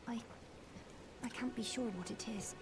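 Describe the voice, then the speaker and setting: An actress voicing a hushed Irish runaway girl. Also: on the high side, normal speed, music in the background, lightly acted. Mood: pleading. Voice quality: soft, hushed, breathy. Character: gentle young woman, weak-sighted runaway, pleading. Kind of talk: video game dialogue.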